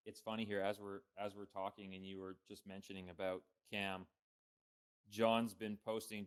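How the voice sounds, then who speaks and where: A man hosting a casual podcast interview, asking loose, relaxed questions with plenty of fillers. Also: low voice, clean tone. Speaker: podcast host.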